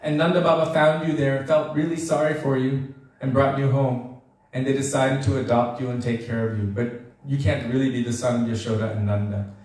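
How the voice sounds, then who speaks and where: A man's voice: mid-range voice, fairly even intonation, fairly quick, darkish tone, voice pushed down, natural voice. A man voicing a gang of young cowherd boys, teasing and mocking their friend in a story. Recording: very echoey room, voice far from mic.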